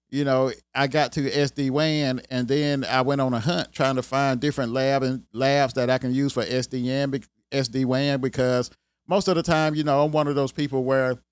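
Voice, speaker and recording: A man with a Southern country lilt talks shop in a relaxed, rambling way, padding his thoughts with "you know what I'm saying." His voice sits at an ordinary middle pitch. The recording is dry and close, with no room sound. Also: no room sound. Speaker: IT career video host. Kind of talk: casual talk to camera.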